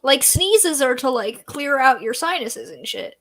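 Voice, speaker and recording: Teasing young woman, fairly high voice. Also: animated, unhurried, a bit bright. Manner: candid, teasing, laughs easily. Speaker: guest co-streamer. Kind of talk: casual chat.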